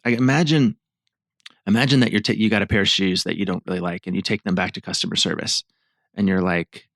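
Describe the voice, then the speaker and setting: A man's voice: deep voice, steady tone, fast, vocal fry, fairly bright tone, no echo, clean studio sound. A man co-hosting a marriage podcast in casual chat, acting out other people's lines as he tells stories. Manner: acts out clients' lines while telling stories. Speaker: marriage therapist and podcast co-host.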